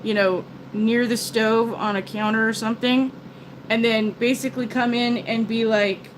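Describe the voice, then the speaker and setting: A woman's voice: a little high, steady tone, moderate pace, slight background noise, poor audio. An older woman hosting a live stream, chatting casually and rambling with lots of restarts; she calls herself a big talker. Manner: chatty, self-described talker, many restarts.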